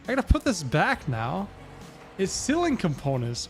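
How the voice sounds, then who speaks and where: A man's voice: mid-range voice, sing-song, moderate pace, soft background music. A man from North Carolina with a slight Southern accent, chatting casually with viewers while narrating his gameplay on a livestream. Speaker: gaming streamer.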